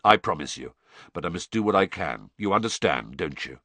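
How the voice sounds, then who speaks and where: A steady, loyal wizard, as a male narrator plays him, reassuring and earnest. His voice sits low and deep, and it is caught close and dry. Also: a little fast, no room sound, full character voice.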